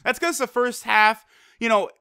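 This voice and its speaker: A man gives a casual video review in an unusually bright, sharp voice that sits high for a man. He talks in an animated, slangy way, swears freely and packs his sentences with fillers. His tone stays clear and smooth throughout. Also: moderate pace. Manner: frequent fillers like "like" and "you know". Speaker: anime episode reviewer.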